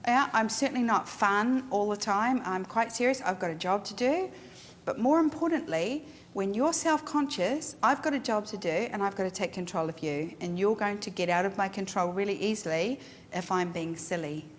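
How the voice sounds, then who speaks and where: Frank, animated middle-aged woman leading a studio workshop; echoey hall sound, faint noise. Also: medium pitch, moderate pace. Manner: frank, emphatic, animated storyteller. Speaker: photographer teaching a workshop. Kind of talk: instructional talk to a class. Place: photo studio.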